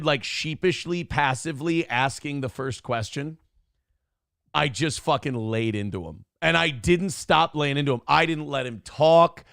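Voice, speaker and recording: A man's voice: a little high, a bit bright, dry recording, studio quality. A man hosting a morning talk show, telling stories in a brash, profane, boastful way. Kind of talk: casual talk show rant.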